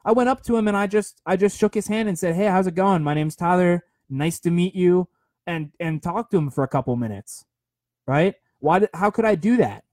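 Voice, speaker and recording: A man's voice: sits high, fairly quick, a little mellow, dry recording. A young man giving a rambling, earnest motivational talk on a phone livestream, full of fillers and repeated words.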